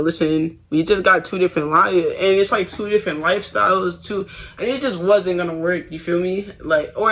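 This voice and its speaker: Rambling young man, slangy and bright. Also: on the high side. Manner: rambling, slangy, with many restarts and fillers. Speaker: vlogger. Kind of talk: casual confessional talk. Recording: dull lo-fi sound.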